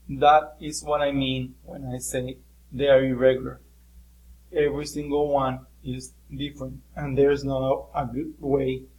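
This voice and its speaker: A man's voice: mid-range voice, darkish tone, poor audio. A man teaching a lesson, explaining patiently with occasional fillers. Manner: explains patiently with fillers, switching between English and Spanish. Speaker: Spanish teacher. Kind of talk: recorded classroom lesson.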